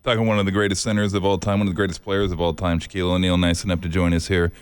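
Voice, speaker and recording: A man's voice: low voice, flat delivery, very fast, smooth. A man hosting a sports talk show, interviewing a guest in an upbeat, joking way. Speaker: radio sports show host. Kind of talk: casual interview.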